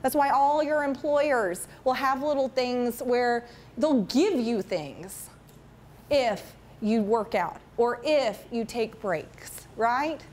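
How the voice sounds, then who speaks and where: Woman presenter, higher voice, chatty and animated, quizzes the audience, slight background noise. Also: slow pace. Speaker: school parent education presenter. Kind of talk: casual presentation to parents. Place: meeting room with an audience.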